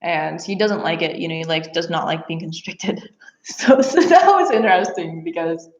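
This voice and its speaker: A young woman telling a personal story casually, animated, with frequent laughs and fillers. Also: lowish voice, moderate pace. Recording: echoey room, dull lo-fi sound.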